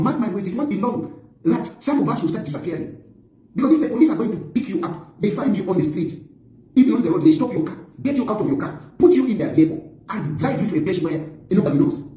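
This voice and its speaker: A man's voice: sits high, sing-song, fast talker, warm tone, roomy sound, poor audio. A middle-aged man giving an impassioned political address, emphatic and repetitive as he accuses and warns. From Zambia. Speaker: opposition politician.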